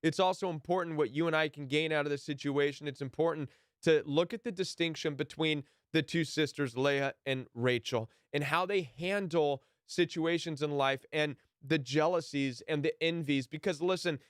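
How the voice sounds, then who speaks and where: A man's voice: fairly high pitch, moderate pace, no echo, clean studio sound. A man teaching a Bible passage in a sermon style, earnest and emphatic, briefly acting out the people he quotes.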